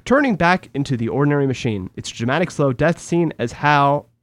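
A man's voice: a little high, lively intonation, a little fast, dry recording. A man co-hosting a casual chat, recapping a film and jumping into quoted voices with lots of laughter. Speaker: podcast co-host.

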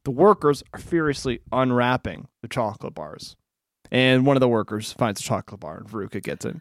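A man co-hosting a casual chat, recapping in a loose, laughing way and swearing now and then. His pitch moves around a lot. The sound is close and dry. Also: expressive, a little fast, no echo. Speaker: podcast co-host recapping a film.

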